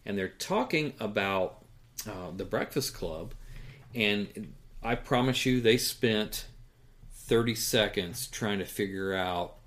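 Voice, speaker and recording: Low-voiced rambling male podcaster. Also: animated, slow pace, a bit bright. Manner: rambling, chuckling storyteller. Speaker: podcast co-host. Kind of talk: casual chat.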